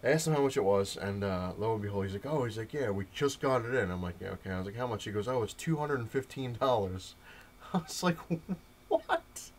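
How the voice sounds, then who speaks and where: A man's voice: fairly low pitch, quick pace, a little mellow, a little hiss or hum. A young man rambling through a casual comic-collecting update, full of fillers and quoted exchanges. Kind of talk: casual update rant to camera.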